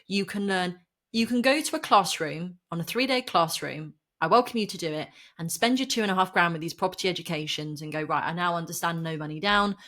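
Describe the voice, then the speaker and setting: A woman's voice: lowish voice, lively intonation, a little fast, a bit bright. Woman, impassioned, emphatic, podcast guest. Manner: impassioned, emphatic, laughs often. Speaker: guest, property and mindset coach. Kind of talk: animated podcast conversation.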